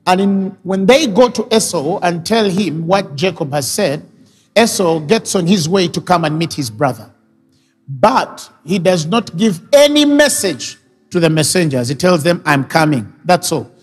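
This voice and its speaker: A man's voice: sits high, lively intonation, a little slow, slightly rough. A male pastor preaching a sermon, retelling scripture and driving his points home with rising, emphatic questions. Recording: reverberant hall with faint music.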